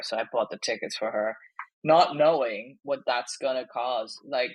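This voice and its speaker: A woman's voice: rumbling low, normal speed, no echo, rough recording. A woman from Germany, a stand-up comedian chatting as a podcast guest and telling stories animatedly. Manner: animated storyteller, quotes herself often. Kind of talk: casual podcast chat.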